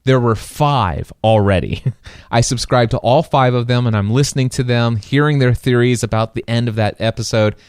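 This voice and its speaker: Excitable male podcast host, dry close mic. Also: mid-range voice, moderate pace, smooth, dry recording. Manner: animated, excitable storytelling with many restarts. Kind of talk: casual storytelling chat.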